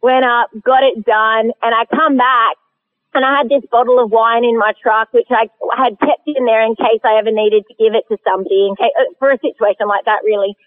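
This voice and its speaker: An Australian woman tells her story in a casual, animated way, with laughter breaking through. Her voice comes down a thin, phone-like line. She sounds like a guest on a call-in show. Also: on the high side, fairly quick. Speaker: guest hunter.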